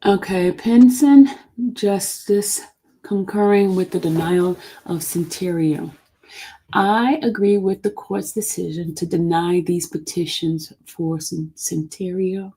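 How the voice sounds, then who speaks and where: Woman on a live stream reading legal text out loud, trips over big words, slow and kinda low. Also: slightly rough. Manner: stumbles over legal words and asks the chat for help; chatty and informal between read passages. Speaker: channel host. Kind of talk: live-stream commentary reading a court document aloud.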